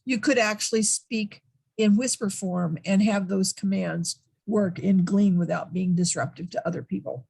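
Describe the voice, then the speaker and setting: A woman professor speaking up during an online session over a video call. Her voice is husky and breathy at an ordinary pitch. She explains her points in a direct, practical way. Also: steady tone, moderate pace, darkish tone. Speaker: professor and audience member. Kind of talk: asking questions in a webinar.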